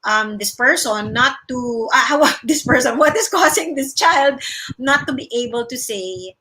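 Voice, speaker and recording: Filipina speech therapist chatting on a livestream, fairly high bright voice, patient explainer, mixes english and tagalog. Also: female voice, lively intonation, measured pace, rough recording. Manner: explains patiently, demonstrating mouth sounds with emphasis; greets viewers by name. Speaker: speech-language pathologist hosting a livestream Q&A. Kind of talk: casual livestream advice, mixing English and Tagalog.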